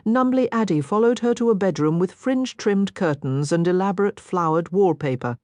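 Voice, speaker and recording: A woman reading an audiobook aloud in expressive, measured scripted narration. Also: mid-range voice, dry recording, studio quality.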